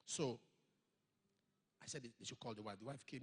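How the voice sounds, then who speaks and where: A man's voice: mid-range voice, expressive, fast, slightly rough. A man, preaching a sermon as he tells a story, emphatic and full of sudden exclamations. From Nigeria. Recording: long hall reverb.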